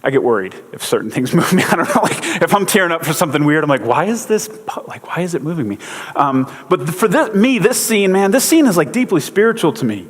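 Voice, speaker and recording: Man, pastor, casual sermon, chatty and joking, slightly high voice, long hall reverb. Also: very animated, fast talker, few pauses. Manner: chatty, joking, filler-heavy storytelling.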